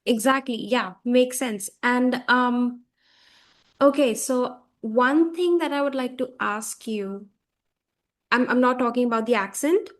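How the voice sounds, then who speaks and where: A woman with a high voice hosts an interview over a video call. She asks her questions politely and softly. Her manner stays courteous throughout. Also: measured pace. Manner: polite, soft-spoken questioner. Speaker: host of English learning channel.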